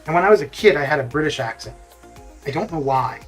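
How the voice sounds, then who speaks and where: A man's voice: on the high side, lively intonation, fast, faint music behind. A man chatting casually while streaming a game, rambling with lots of fillers and restarts. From Canada. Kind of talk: casual chat while gaming live.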